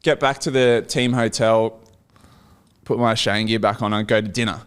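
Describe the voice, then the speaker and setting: A man's voice: lowish voice, moderate pace, clean tone. An Australian man, a guest in a casual chat, telling an anecdote with lots of laughter and acted-out voices. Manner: animated anecdote-telling, laughs often, acts out quoted voices.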